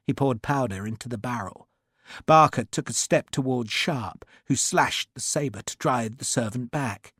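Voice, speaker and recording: A man's voice: medium pitch, measured pace, fairly bright tone, slightly rough, no echo, clean studio sound. A man reading a historical adventure novel aloud as an audiobook, with vivid, dramatic storytelling. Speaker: audiobook narrator. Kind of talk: scripted narration.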